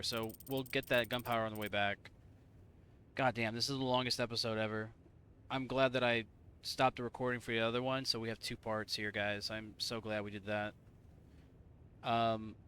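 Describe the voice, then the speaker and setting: A man's voice: on the low side, pushed and bright, slight background noise. A man from Indiana giving casual, profane, rambling let's-play commentary to his viewers. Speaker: gaming streamer.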